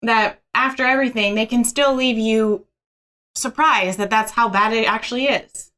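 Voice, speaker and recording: A woman's voice: fairly high pitch, moderate pace, bright, forceful tone. A woman co-hosting a casual political podcast, blunt and sardonic. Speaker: podcast co-host.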